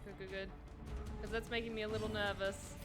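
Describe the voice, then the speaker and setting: A woman's voice: medium pitch, level tone, fairly quick. A woman streaming a video game live, giggling often, swearing freely and chatting casually with her viewers. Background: game music.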